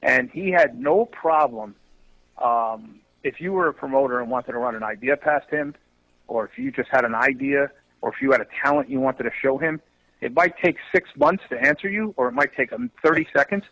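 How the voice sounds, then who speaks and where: A man telling stories in a casual podcast chat, animated and loose, swearing freely as he goes. His voice sits at a middle pitch and sounds dry and close. The recording is a little dull and lo-fi. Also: normal speed, no echo. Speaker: wrestling promoter guest.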